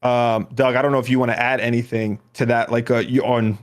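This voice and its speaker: A man's voice: medium pitch, flat delivery, brisk. A man hosting a gaming podcast in a loose, rambling, casual way. He hesitates and restarts often while hunting for his point. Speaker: podcast host.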